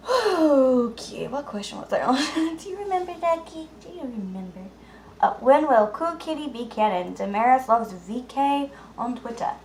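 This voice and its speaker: A woman vlogger answering viewer questions in a casual, rambling way, with lots of "uh" fillers and stretches where she drops to a soft murmur. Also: high-pitched, lively intonation, measured pace. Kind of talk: casual Q&A vlog. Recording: roomy echo with faint background noise.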